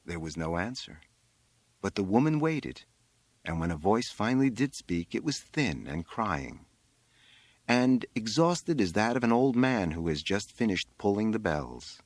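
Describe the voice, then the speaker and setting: A man reading a literary short story aloud, with expressive, dramatic phrasing. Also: on the low side, moderate pace, no room sound. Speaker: audiobook reader. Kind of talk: literary audiobook narration.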